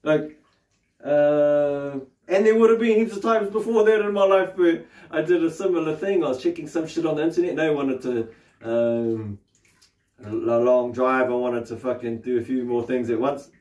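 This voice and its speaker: A man's voice: fairly high pitch, normal speed, a little mellow. A man with a New Zealand accent teaching meditation in a loose, casual way, swearing freely and tagging his sentences with questions. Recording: roomy, distant mic.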